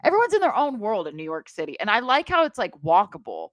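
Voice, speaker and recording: Woman, 30s, podcast co-host, casual chat, animated and teasing, dry close mic. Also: mid-range voice, no room sound. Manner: animated, joking, quick to tease.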